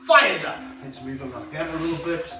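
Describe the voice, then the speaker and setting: Excitable snake handler, roomy and distant. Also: male voice, fairly high pitch, fairly quick. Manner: energetic, exclaiming, coaching a helper. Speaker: snake handler and wildlife vlogger. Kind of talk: excited hands-on wildlife vlog. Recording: roomy sound, mic held off at a distance, faint music behind.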